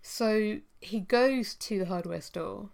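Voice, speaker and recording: A woman co-hosting a podcast, chatting casually and thoughtfully about a TV series, often pausing with ums. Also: medium pitch, gravelly, darkish tone. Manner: thoughtful, hesitant with frequent ums. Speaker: podcast co-host.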